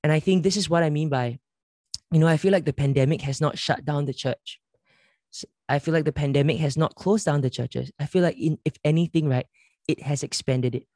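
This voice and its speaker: A man with a slightly mellow voice on the high side, speaking a little fast, leads a church conference workshop. He tells stories earnestly and acts out the dialogue, recorded in studio quality with no room sound.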